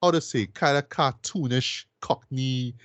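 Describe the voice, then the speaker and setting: A man's voice: medium pitch, a little slow, fairly bright tone, no echo. Rambling, enthusiastic man in casual chat. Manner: enthusiastic, rambling, full of fillers and tag questions. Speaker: podcast co-host reviewing a film. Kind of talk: casual film review chat.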